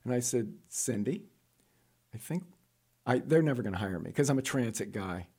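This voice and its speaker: A middle-aged man from New York telling stories of his career as an interview guest, jokey and animated, jumping up in pitch for punchlines. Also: brisk, slightly rough. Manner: animated, jokey storyteller with sudden high-pitched asides. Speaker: guest, college administrator. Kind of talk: casual storytelling interview.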